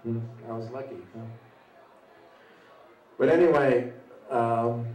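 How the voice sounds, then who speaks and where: An older male veteran tells a personal story at an open mic in a small venue, speaking off the cuff in a conversational, halting way with lots of "you know" tags. His mid-pitched voice is a little mellow. A distant mic picks him up from across a roomy space.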